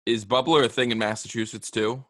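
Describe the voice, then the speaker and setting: A man's voice: on the low side, steady tone, a little fast, fairly bright tone, no echo, clean studio sound. A young man hosting a casual interview, asking brief, easygoing questions. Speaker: podcast host.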